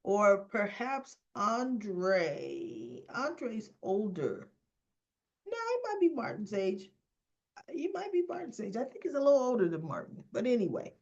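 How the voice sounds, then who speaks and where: A woman recaps a soap opera episode in a loose, rambling way. She corrects herself often and fills gaps with ums and uhs. She talks slowly, and the recording sounds dull and lo-fi. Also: medium pitch, big pitch swings, a little mellow. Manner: rambling, self-correcting, many fillers. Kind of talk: casual spoken episode recap.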